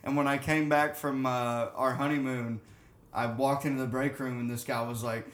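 A man's voice: medium pitch, flat delivery, moderate pace, echoey room. A man co-hosting a podcast, joking and telling stories in casual banter. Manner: joking, tells stories, shouts when quoting others. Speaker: podcast co-host.

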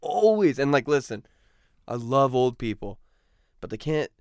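A man's voice: mid-range voice, very animated, unhurried, darkish tone, no room sound, clean studio sound. A young man co-hosting a podcast, chatting casually with lots of swearing and easy banter. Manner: profane, laid-back banter. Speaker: podcast co-host. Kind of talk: casual chat.

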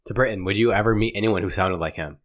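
A man's voice: on the low side, fast talker. A man in a casual movie podcast chat, making joking asides.

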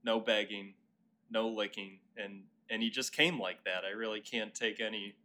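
A man with a somewhat low voice and a bright, forceful tone speaks as a guest on a casual podcast. He is friendly and a bit halting, repeating words as he goes. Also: fairly even intonation. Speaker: podcast guest, dog owner. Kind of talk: casual chat.

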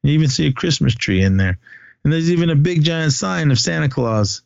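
A man's voice: on the high side, animated, brisk, creaky, dry recording. Guy chatting about a film, keeps restarting, kinda muffled lo-fi dry mic. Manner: rambling, retells scenes with many restarts. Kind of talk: casual movie chat. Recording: dull lo-fi dry recording.

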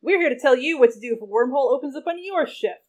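A woman's voice: high-pitched, expressive, quick pace, a little mellow, pitched above the performer's own voice. A woman reading the lines of an overexcited male host in a dated corporate training video, in a bro-ish, exclamatory way. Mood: pumped.

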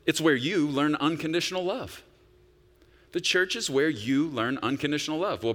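A man preaching a sermon with a lively, wide-ranging voice that drops to a hush and then rises to near shouting. His words ring out in a church sanctuary with a long, trailing reverb. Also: mid-range voice. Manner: dramatic swings from hushed to loud, emphatic preaching. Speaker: pastor.

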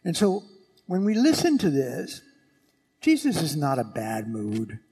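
A priest giving a Sunday homily in a church, animated and dramatic, acting out the voices of the people in the story. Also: male voice, fairly high pitch, a little slow, breathy edge. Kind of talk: sermon. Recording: church with long reverb.

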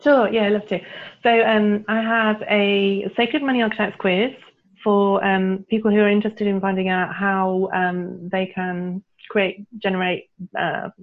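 A woman, a guest coach who tells stories with frequent laughter and leads clearing statements in a conversational interview. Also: mid-range voice, unhurried. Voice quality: laughs often, animated storytelling. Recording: tinny phone-like line.

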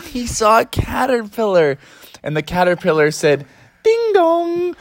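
A woman with a low voice narrates a children's story as the host, drawing her young listeners in to shape it. The recording is dry and close. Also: animated, moderate pace, no room sound. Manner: warm, inviting, prompts children to add.

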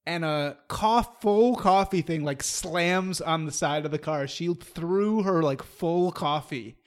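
A man's voice: a little high, slow pace. A man telling a long story in casual chat, rambling and swearing, restarting his sentences often. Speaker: storyteller in a conversation.

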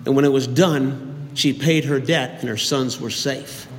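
An older man preaching a sermon as pastor, animated, acting out voices and shouting praise. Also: medium pitch, a little slow, faint music behind. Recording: echoey hall with long reverb.

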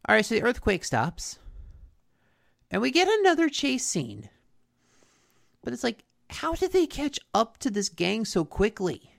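Animated young woman, gravelly dry voice. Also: on the high side, measured pace, long pauses, no room sound. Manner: animated storytelling with quoted voices. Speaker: podcast co-host. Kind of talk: casual chat recapping a cartoon.

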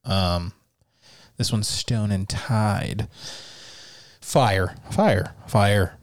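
Man, podcast co-host, casual chat, lowish voice, blunt and swearing, dry close sound. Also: drawn-out words, no echo. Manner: blunt, profane.

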